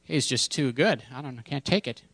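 A man's voice: mid-range voice, lively intonation, brisk, creaky, a bit bright, dry recording. A man voicing the devil as a defeated, complaining figure who gives up and flees, in a comic aside during a sermon. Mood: whiny exasperation. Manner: exasperated, complaining. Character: the devil, whiny and beaten, fleeing a saint.

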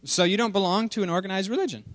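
Rich: A man putting on a cheeky little cartoon girl, pitched high and squeaky, and bursting with eager, rapid questions. Her voice sounds dry and close. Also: no echo, close to an everyday voice.

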